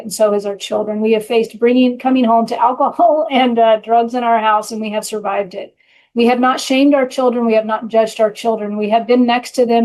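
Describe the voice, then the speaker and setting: A woman's voice: fairly high pitch, darkish tone, poor audio. Blunt, frank woman telling her recovery story. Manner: blunt, earthy, frank about her past. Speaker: podcast host and recovery coach. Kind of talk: candid personal storytelling.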